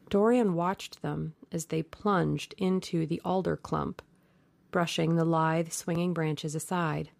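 A woman narrating a classic novel aloud in slow, measured storytelling. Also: sits low, fairly even intonation, gravelly, a little mellow, dry recording. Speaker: audiobook narrator.

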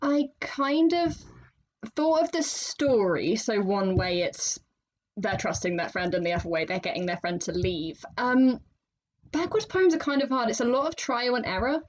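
A woman's voice: fairly high pitch, normal speed, muffled recording. A woman hosting a writing podcast in casual chat, chatty and laughing often. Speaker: podcast host.

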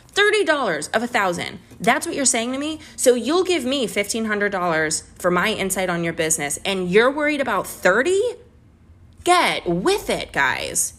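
A woman's voice: medium pitch, sing-song, normal speed, fairly bright tone. A woman hosting a business podcast, ranting in a heated, exasperated way and swearing as she talks to her listeners. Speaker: podcast host and business coach. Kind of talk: candid business podcast monologue.

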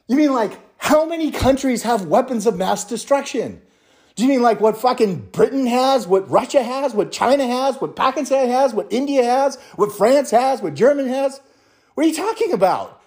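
A man's voice: high-pitched, moderate pace. A man telling a story in a casual monologue, swearing freely and slipping into mock quotes. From United States. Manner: profane, animated ranting with mock quotes.

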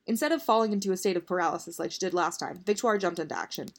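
A woman's voice: on the low side, rapid-fire. A woman reading a story aloud in a casual, unpolished way. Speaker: narrator.

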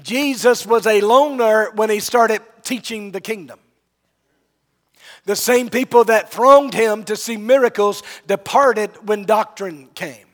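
A male preacher delivering a sermon, telling the story dramatically and rising and falling in volume. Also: high voice.

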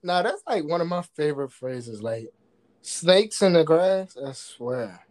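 A young man chatting casually on a podcast as a guest, telling stories in relaxed slang. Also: fairly high pitch, a little slow, low-quality recording. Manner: relaxed slangy storytelling, playful. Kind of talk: casual chat.

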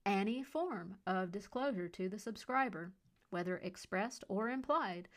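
A woman voicing a smug male police officer who reads out fines in a glib, mockingly polite way. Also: high-pitched.

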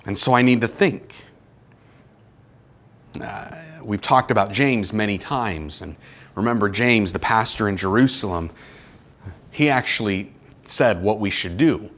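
A man preaching a sermon as pastor, animated, with acted-out quotes and sudden drops to a quiet tone. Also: on the low side, a little slow, long pauses.

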